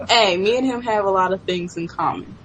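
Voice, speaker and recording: A woman's voice: mid-range voice, a little fast, a bit bright, slight background noise, low-quality recording. Sassy eighteen-year-old woman. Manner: sassy, talks back. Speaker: podcast co-host. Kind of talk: casual chat.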